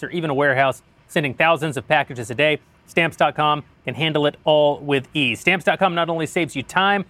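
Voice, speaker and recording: A man's voice: fairly high pitch, a bit bright, no echo. A man hosting a joking political roundtable, wry and self-mocking, laughing often as he reads a sponsor ad. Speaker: show host. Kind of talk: joking roundtable chat with ad read.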